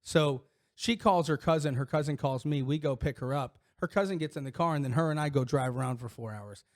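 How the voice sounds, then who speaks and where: A middle-aged man with a fairly high-pitched voice, co-hosting a casual podcast. He talks candidly and rambles, circling back with fillers and false starts as he tells personal stories. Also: fairly quick. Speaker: podcast co-host. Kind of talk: casual chat.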